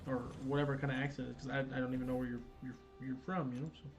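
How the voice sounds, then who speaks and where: A man's voice: medium pitch, little pitch movement, rapid-fire. A man hosting a casual gaming livestream, chatting loosely with viewers, swearing and stumbling over restarts and fillers. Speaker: livestream host.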